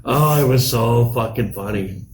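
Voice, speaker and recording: A man's voice: medium pitch, a little slow. A man in his forties spins a rambling, profane story, often laughing at his own tale. His voice sits in the middle range and rings around a roomy space, with a faint hiss underneath. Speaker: podcast co-host. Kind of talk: casual storytelling chat.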